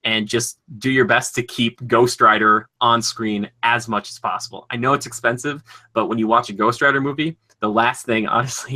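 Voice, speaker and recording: A podcast co-host, a man with a strikingly bright, forceful tone. He talks in an eager, rambling way, stacking "like" between thoughts. It is relaxed, loose conversation. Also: mid-range voice. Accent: Minnesotan. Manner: enthusiastic, rambling, lots of "like". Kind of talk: casual chat.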